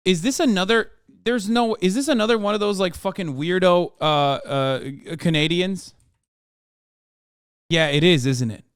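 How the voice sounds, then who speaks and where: A man's voice: sits high, takes it slowly, pauses often, clean tone, dry recording, studio quality. A man streaming a sarcastic, profane rant while reacting to news articles. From United States. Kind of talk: ranting commentary.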